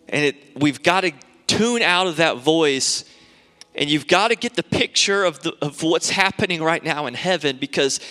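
A man's voice: high-pitched, bright, forceful tone. A man preaching a sermon as a pastor, earnest and repetitive, building to fervent prayer. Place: church sanctuary. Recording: long hall reverb in a church.

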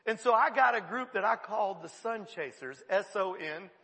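A man preaching a sermon, telling a funny story in an animated way and often laughing mid-sentence. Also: sits high, moderate pace, in a large hall. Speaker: pastor.

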